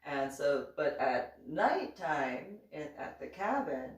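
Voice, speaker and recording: Woman storyteller, slightly low voice, animated and laughing, acts out the dialogue, recorded in an echoey room away from the mic. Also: slow pace, far from the mic. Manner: animated, acts out both sides of dialogue, laughs often, many restarts. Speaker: reverend reading and commenting on her diving memoir. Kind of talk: casual storytelling commentary.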